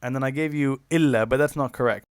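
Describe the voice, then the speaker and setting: A man gives a recorded lesson in a mid-range voice, heard close and dry with no room echo. He explains step by step, filling pauses and correcting himself. He draws out each example word slowly. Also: medium pitch, clean tone. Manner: explains step by step with many fillers and self-corrections; slows down to drawn-out example words. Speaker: teacher. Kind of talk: recorded online lecture.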